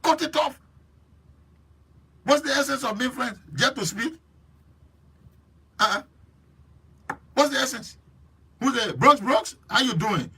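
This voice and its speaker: A man with a Liberian English accent hosting a live stream, chatting lively and preachy while teasing viewers by name. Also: very high-pitched, takes it slowly, long pauses, breathy edge. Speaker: host.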